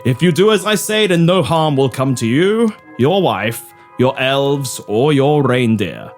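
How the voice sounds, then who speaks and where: A man playing an elderly Santa, reading with grand, theatrical swings of pitch in a comedy audio drama. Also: expressive, measured pace, faint music behind, lightly acted. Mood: ominous. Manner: grandly dramatic, with sweeping rises and drops.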